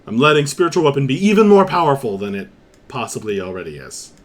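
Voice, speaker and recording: A man running a tabletop game as dungeon master, narrating the action in a lively, descriptive way with frequent fillers. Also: mid-range voice, fast talker.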